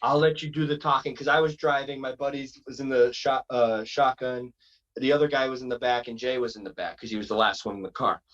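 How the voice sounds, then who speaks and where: A man's voice: medium pitch, steady tone, fairly quick, fairly bright tone, muffled recording. A man from Massachusetts, a wrestler, telling a long road-trip story in a rambling, casual way. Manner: rambling, acts out quotes in other voices. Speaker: wrestler guest.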